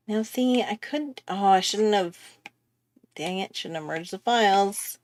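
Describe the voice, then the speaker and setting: A woman's voice: mid-range voice, expressive, measured pace. A woman chatting casually while she draws on a livestream, self-mocking and laughing often. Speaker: artist hosting a drawing livestream. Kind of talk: casual chat while drawing.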